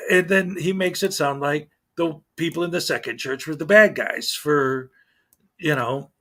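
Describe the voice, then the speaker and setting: A man's voice: a little high, fairly bright tone. A man hosting a casual livestream, chatting with viewers in a rambling way, full of fillers and restarts. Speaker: livestream host.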